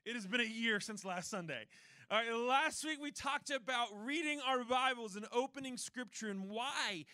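A man's voice: high-pitched, pushed and bright, no room sound. A young man preaching a sermon as pastor, in a conversational, self-deprecating storytelling manner.

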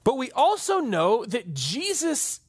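A man's voice: very high voice, wildly swooping pitch, slow pace. A man preaching a conversational sermon to a church audience, often checking in with "right?". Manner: conversational, keeps asking "right?". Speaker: pastor.

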